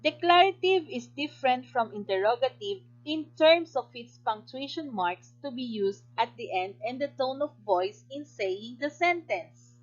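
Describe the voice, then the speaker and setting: Filipino English woman teacher, unhurried and slightly high, muffled lo-fi sound. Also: lively intonation. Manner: slow, clear and instructive, with praise for answers. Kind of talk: recorded module lesson.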